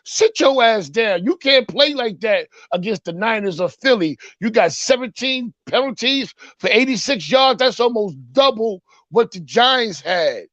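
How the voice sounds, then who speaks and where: A man's voice: high voice, animated, a little slow, few pauses, fairly bright tone, no echo, highs cut off. A man doing a comedic sports rant segment, mocking and punchy, with a repeated catchphrase. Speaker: sports talk segment host.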